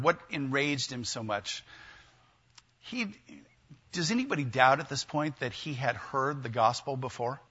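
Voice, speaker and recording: A man's voice: on the high side, bright, forceful tone, husky, lo-fi sound. A man preaching a sermon in a conversational way, often asking his listeners questions. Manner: conversational, asks the congregation questions. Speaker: pastor.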